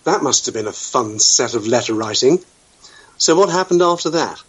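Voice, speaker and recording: Husky, wry British talk-radio host. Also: male voice, medium pitch, animated, moderate pace, muffled recording. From United Kingdom. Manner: wry, sweeping and blunt, with casual swearing. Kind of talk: opinionated talk-radio chat.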